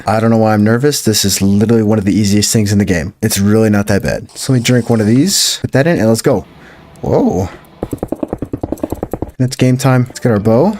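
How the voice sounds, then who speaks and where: An excitable man talks his way through a video game in a lowish voice, thinking aloud, joking and now and then humming a tune. Game music plays clearly behind him. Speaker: gaming YouTuber. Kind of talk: let's play commentary.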